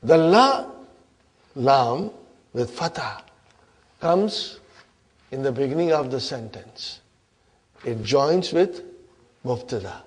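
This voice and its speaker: A man who speaks Urdu as his first language teaches an Arabic grammar lesson in a high voice with a breathy edge. He keeps questioning the class and checking in with "huh?"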